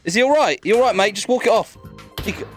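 A young man with a British accent talks through his gameplay in a high, lively voice that jumps all over the place. He bursts into shouts and laughter easily. Light music plays faintly behind him. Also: quick pace. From Britain. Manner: excitable, loud outbursts and laughter. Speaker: gaming YouTuber. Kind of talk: casual gameplay commentary.

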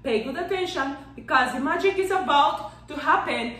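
A woman teaching a children's Spanish lesson in a playful, animated way. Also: high voice, normal speed, roomy sound, far from the mic, poor audio. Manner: animated and playful, claps out syllables, counts down magic tricks.

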